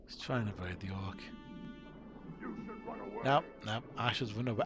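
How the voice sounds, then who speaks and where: A man's voice: fairly low pitch, moderate pace, lo-fi sound, music in the background. A man hosting a gaming video, musing to himself in casual gameplay commentary, restarting sentences as he goes.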